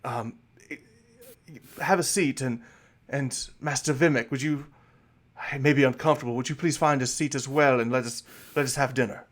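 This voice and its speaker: A man voicing a wealthy human lord of about sixty who is excitable, polite and formal. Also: mid-range voice, moderate pace, long pauses, natural voice. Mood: courteous. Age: 60s.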